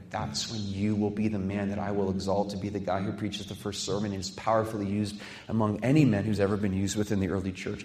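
A man preaching a sermon with passion, dropping to a hush and building to fired-up peaks, acting out quoted voices. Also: fairly low pitch. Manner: quotes others in acted voices. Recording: echoey hall reverb.

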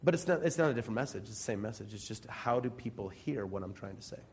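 A man's voice: fairly low pitch, animated, fast, slightly rough. Conversational preacher asking his audience questions. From Central Illinois. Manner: conversational preaching full of rhetorical questions, swinging between loud and soft. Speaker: pastor. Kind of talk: sermon. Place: church.

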